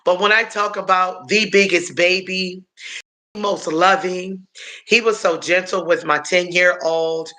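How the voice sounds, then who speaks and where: A man chats on a live stream with a high, bright voice, answering viewers' comments as they come in. He talks unhurriedly and rambles, filling gaps with um and uh and calling his viewers y'all. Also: steady tone. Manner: halting, with frequent um and uh fillers. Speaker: livestream host answering chat. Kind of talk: casual live-stream chat.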